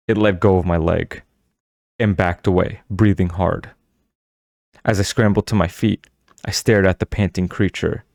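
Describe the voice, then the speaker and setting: A man narrating an audiobook in a steady, measured storytelling manner. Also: low voice, vocal fry, no room sound, studio quality.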